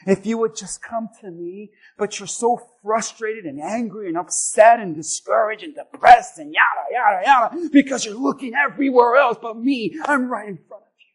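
A man preaching a sermon as pastor, telling stories animatedly and swinging between loud bursts and hushed lines. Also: extremely high pitch, moderate pace, husky.

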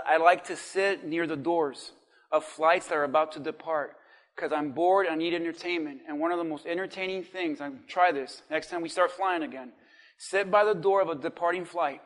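A male pastor preaching a sermon, acting out the cries of people with sudden shouts. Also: fairly high pitch, moderate pace. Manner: dramatic, acts out voices of people in hell.

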